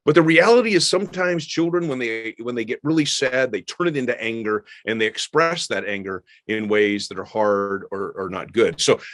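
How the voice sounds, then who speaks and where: A man's voice: medium pitch, moderate pace, few pauses, no echo. A middle-aged man, a pastor, giving an earnest, emphatic webinar talk on parenting and acting out the lines of parents and children. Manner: earnest, emphatic, animated teaching with acted-out quotes.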